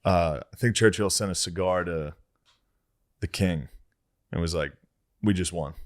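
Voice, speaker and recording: A man's voice: low voice, measured pace. A man co-hosting a podcast, chiming in with laid-back asides and agreement. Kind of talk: casual chat.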